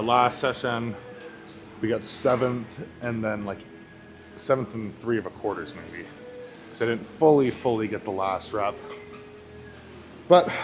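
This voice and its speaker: A man's voice: fairly low pitch, reverberant. A young man talking casually in a fitness vlog, rambling and acting out what other people said. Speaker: fitness vlogger. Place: kitchen at home, then a gym.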